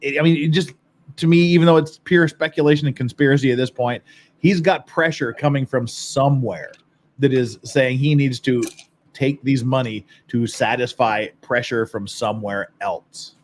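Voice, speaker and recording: A man hosting a casual talk podcast, with a voice neither high nor low. He rambles through viewer comments with blunt opinions, swearing and laughing along the way. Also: moderate pace, slight background noise. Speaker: podcast host.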